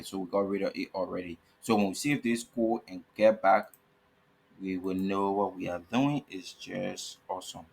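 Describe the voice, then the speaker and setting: A low, husky-voiced man walks through a coding tutorial step by step. He spells tag names out letter by letter and keeps checking in with "okay?" as he repeats each point. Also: a bit bright. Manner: repetitive, checks in with frequent "okay?". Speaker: coding teacher. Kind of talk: screen-recorded coding tutorial.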